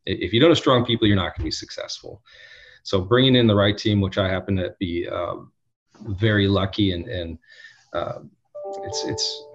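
A man, an audit executive, answering interview questions in an earnest, emphatic way with many restarts and a husky voice. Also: low-pitched, fairly even intonation, moderate pace, soft background music. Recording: dull lo-fi sound.

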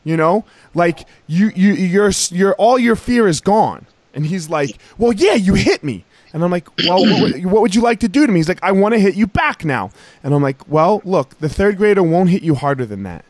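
A man hosting a casual podcast and telling an animated story about his kids. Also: high voice, normal speed, hardly any pauses, no room sound. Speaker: podcast host.

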